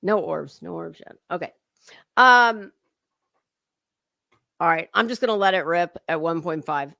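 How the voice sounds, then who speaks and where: A woman's voice: lowish voice, measured pace, creaky, sharp tone, no room sound, studio quality. A woman hosting a casual livestream commentary, chatty and swearing freely as she greets her chat viewers by name.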